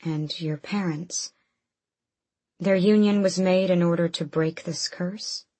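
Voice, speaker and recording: A woman's voice: on the low side, animated, a little slow, husky, dry recording. A woman doing a dry, careful young queen.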